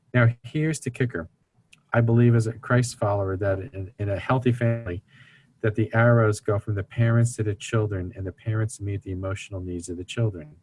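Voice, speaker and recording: A man's voice: fairly low pitch, darkish tone. A man speaking as an interview guest, explaining family dynamics in an earnest teaching tone and acting out the voices of people he quotes. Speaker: guest speaker on recovery ministry.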